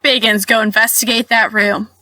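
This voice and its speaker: A woman's voice: a little high, level tone, moderate pace, bright, forceful tone, no echo. A woman co-hosting a podcast, throwing in playful joking quips during casual banter. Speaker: podcast co-host. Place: small closet-like bedroom.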